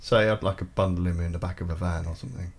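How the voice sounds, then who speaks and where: A man's voice: deep voice, steady tone, quick pace, slightly rough. A man guesting on a podcast in casual chat, mischievous, with mumbled asides.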